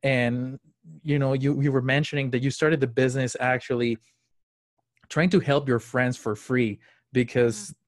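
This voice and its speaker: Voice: medium pitch, fairly even intonation, moderate pace, dry recording. Dry-sounding encouraging podcast host. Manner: encouraging, repeats words, many you-knows. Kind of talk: interview.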